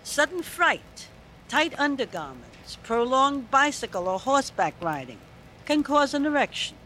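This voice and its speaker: Lively bright clinical voice-over. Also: sits high, measured pace, slight background noise. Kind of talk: informational voice-over clip.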